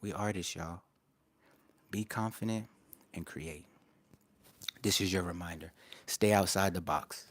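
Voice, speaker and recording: A man hosting a casual livestream, talking to his chat in a laid-back, slangy way and getting animated at times. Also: low voice, measured pace, pauses often. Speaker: livestream host.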